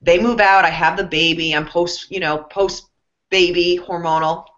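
Bright-voiced woman telling stories on a lo-fi line. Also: on the low side, normal speed. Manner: animated, self-mocking storyteller. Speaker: guest author. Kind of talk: casual interview storytelling. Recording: dull lo-fi sound.

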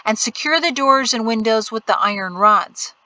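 A woman voicing a brisk protective mother. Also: a little high, expressive, bright, forceful tone, no echo, low-quality recording. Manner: brisk, instructing.

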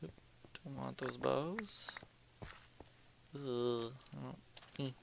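A man's voice: mid-range voice, very slow, creaky, background noise. A young man casually commentating his gameplay at home, rambling, joking and muttering to himself as he plays. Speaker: let's play host. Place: home room at night.

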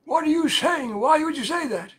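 A man voicing an angry old shopkeeper who insists he is a churchgoer, protesting loudly. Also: very high voice, lively intonation, normal speed, pitched above the performer's own voice. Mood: indignant.

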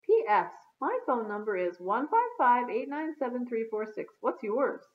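A woman's voice: fairly high pitch, very animated, normal speed, narrow, tinny audio. A woman reading the part of an anxious, timid grown woman writer in a children's storybook, voicing her fretful, groaning complaints.

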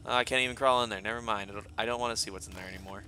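Excitable, bright-voiced man gaming. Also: fairly low pitch, very fast, slight background noise. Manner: excitable, swears freely, mocks enemies. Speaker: gameplay commentator. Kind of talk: let's play commentary.

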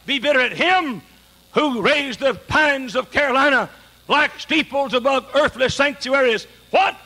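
A man preaching a sermon with passion, hammering rhetorical questions and often raising his voice to a shout. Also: extremely high pitch.

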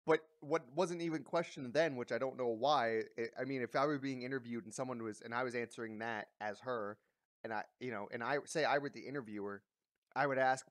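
A man's voice: mid-range voice, a little fast, no echo. A man giving casual ranting commentary, blunt and profane, with many fillers and restarts. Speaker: commentary vlogger.

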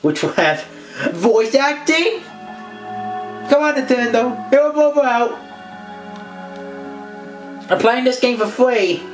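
A man's voice: very high voice, lively intonation, slow, long pauses, roomy sound, over music, poor audio. A man giving rambling, joking commentary over a video game. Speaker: gameplay commentator. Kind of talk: casual gameplay commentary.

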